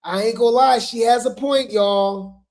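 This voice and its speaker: Brief: laid-back gossip commentator, slangy, filler-heavy, mid-pitched voice. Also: fairly even intonation, moderate pace, darkish tone. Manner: slangy, chatty, full of fillers and asides.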